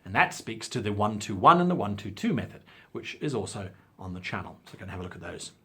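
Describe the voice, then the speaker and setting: A man's voice: lowish voice, breathy edge. A South African man with a careful British-style diction, hosting a talking-head advice video in a theatrical, emphatic way. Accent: South African English, with crisp British-style diction. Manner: theatrical, lively delivery with drawn-out emphasis. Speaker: channel host.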